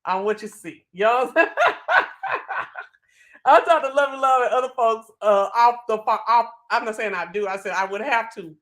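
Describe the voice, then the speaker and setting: A live-stream host chatting casually with viewers, animated and swearing freely, talking into a phone. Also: medium pitch, normal speed.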